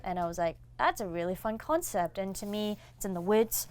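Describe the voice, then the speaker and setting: Her voice sits in the mid range and moves fairly quickly. The young woman, a comic artist being interviewed in a relaxed chat, is an animated storyteller who acts out the characters in her anecdotes and what they said.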